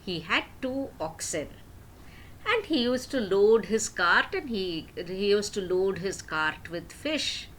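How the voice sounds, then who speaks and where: An older woman telling a tale to children in a slow, unhurried way, her pitch rising and falling with lively swings. Her voice is bright and clear, and she keeps turning to her listeners with questions. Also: slight background noise, rough recording. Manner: asks the young listeners questions. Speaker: storyteller. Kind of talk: storytelling for children.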